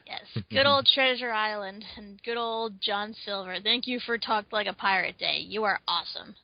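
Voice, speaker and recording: A woman co-hosting a casual podcast chat about films, playful and animated. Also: mid-range voice, moderate pace, vocal fry, dry recording. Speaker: co-host. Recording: dull, dry lo-fi recording.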